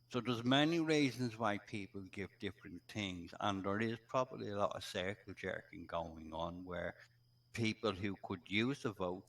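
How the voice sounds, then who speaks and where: A man's voice: deep voice, a bit bright. A man giving an indignant, rambling rebuttal in a casual online discussion. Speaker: community panelist.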